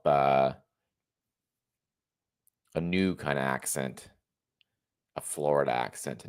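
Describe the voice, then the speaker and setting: A man's voice: a bass voice, fairly bright tone. A man in his thirties hosting a livestream, talking off the cuff in a rambling, joking way. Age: 30s. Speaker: livestream host. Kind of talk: unscripted livestream commentary.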